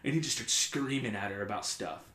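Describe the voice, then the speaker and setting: A man's voice: lowish voice, brisk, roomy sound. A man hosting a podcast, telling a story in casual chat, rambling with lots of "like" fillers. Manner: rambling, many "like" fillers, animated retelling. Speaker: podcast host.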